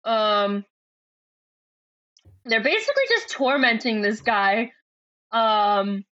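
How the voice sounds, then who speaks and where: A woman podcast co-host in easy book-club chat, with a bright, slightly high voice. She laughs often between thoughts. Her audio is muffled and dry, like an old lo-fi remote line. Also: lively intonation, takes it slowly, no echo. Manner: chatty, laughing, reads passages aloud. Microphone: remote call microphone.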